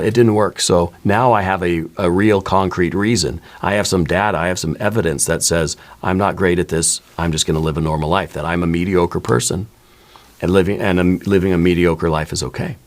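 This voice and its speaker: A man giving a relaxed spoken tarot reading, reflective and conversational, often adding "you know" and "right.". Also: deep voice. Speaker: tarot reader.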